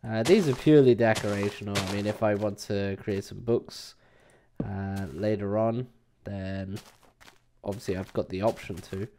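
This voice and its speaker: A man's voice: fairly low pitch, normal speed, noisy background. A man giving casual gameplay commentary as a let's play host, rambling and hesitant with many fillers.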